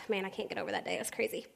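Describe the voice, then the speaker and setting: A young woman giving a personal testimony to a church congregation, animated and storytelling, acting out the people she quotes. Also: medium pitch, vocal fry. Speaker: church speaker sharing her testimony. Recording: long hall reverb.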